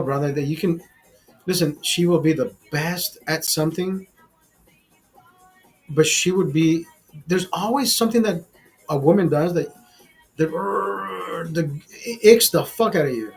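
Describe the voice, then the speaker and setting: A man's voice: a little high, unhurried, pauses often, soft background music. A man hosting a casual livestream chat, crude and profane, rambling with many restarts. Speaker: livestream host.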